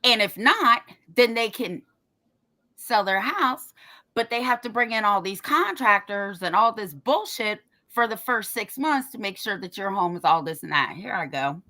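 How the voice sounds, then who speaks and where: A woman co-hosting a podcast, telling a story in a defiant, animated way and swearing freely. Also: medium pitch, moderate pace. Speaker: podcast co-host.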